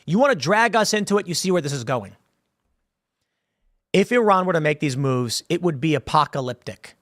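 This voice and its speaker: A man's voice: a little high, fairly bright tone, dry recording, clean studio sound. A man giving an emphatic political opinion monologue, restarting phrases often and acting out quoted voices as he talks. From United States. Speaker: political commentator.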